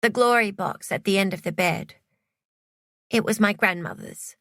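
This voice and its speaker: A woman's voice: medium pitch, normal speed, fairly bright tone, no echo, studio quality, lightly acted. Woman doing a frightened young woman. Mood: quiet.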